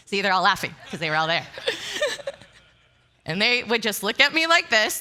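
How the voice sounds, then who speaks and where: A woman's voice: fairly high pitch, big pitch swings, unhurried, long pauses, bright, forceful tone. A middle-aged woman pastor giving a sermon, telling candid, self-deprecating stories to a congregation. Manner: candid, self-deprecating storytelling with frequent laughter. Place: church sanctuary before a congregation.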